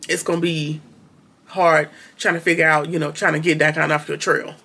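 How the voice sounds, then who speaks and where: A woman's voice: low-pitched, little pitch movement, normal speed, bright, forceful tone. A woman reviewing a TV series, retelling an episode in a chatty, slangy way with sarcastic asides. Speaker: TV show reviewer. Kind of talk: casual episode recap.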